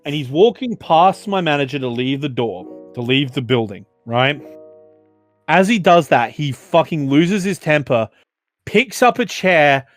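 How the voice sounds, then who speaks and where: Aussie podcast co-host, young, casual swearing storyteller, lots of fillers. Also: male voice, fairly high pitch. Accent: Australian. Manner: animated, swearing, filler-heavy.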